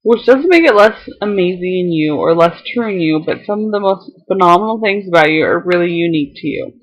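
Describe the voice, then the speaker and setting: A woman's voice: lowish voice, expressive, brisk, highs cut off. A young woman on a casual vlog, reading a heartfelt letter aloud to her viewers, tearful and fighting back tears, laughing now and then between lines.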